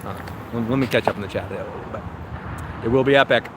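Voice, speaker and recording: A man's voice: mid-range voice, quick pace. A man hosting a casual live-stream review while walking outdoors, rambling and correcting himself as he talks. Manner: rambling, self-correcting, chatty. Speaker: host. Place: outdoors in a park. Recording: outdoor traffic noise.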